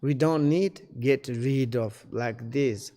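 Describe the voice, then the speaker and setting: A man giving a spiritual teaching in halting English, searching for words, with many fillers and throat-clearing. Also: medium pitch, dark tone, long reverb tail. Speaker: Buddhist teacher.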